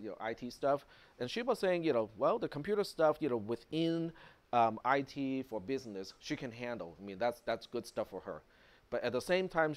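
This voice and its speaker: A male instructor giving a classroom lecture in an easygoing, conversational manner. He wanders between points with frequent fillers and asks "okay?" to check in with students. His voice sits at an ordinary middle pitch. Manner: conversational, many fillers and tag questions. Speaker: college instructor.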